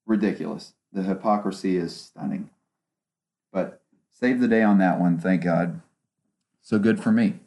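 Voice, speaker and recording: A man's voice: deep voice, a little slow, creaky, long pauses, warm tone. A young man hosting his own podcast alone in a small home studio, talking casually and ranting with sarcasm. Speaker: podcast host. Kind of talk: solo casual podcast talk. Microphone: one omnidirectional microphone.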